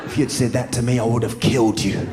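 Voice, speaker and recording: A male stand-up comedian telling a story on stage with an animated delivery and sudden loud shouts, recorded on a handheld mic. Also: mid-range voice, quick pace. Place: comedy stage before a live audience. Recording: live show with crowd laughter and hum.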